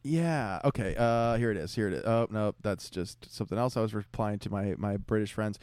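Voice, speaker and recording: A man's voice: lowish voice, a little fast, darkish tone, clean tone, no echo. Young guy goofing around on his podcast mic, rambly and jokey, dry close sound. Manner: rambling, jokey, laughs often. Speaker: podcast co-host. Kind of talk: casual chat.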